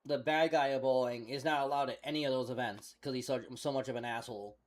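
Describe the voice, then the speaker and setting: A man's voice: mid-range voice, fairly even intonation, fast talker, poor audio. A man streaming a game on a headset mic, telling rambling stories in casual chat, swearing freely. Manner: rambling profane storytelling. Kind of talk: casual chat while gaming.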